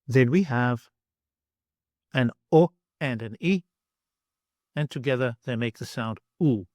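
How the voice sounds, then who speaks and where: A man gives a pronunciation lesson at an unhurried, careful pace, saying each example twice and stretching the sounds so they come through clearly. His voice sits at an ordinary middle pitch. The recording is close and dry, with no room echo. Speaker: language teacher. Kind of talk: slow, deliberate pronunciation lesson.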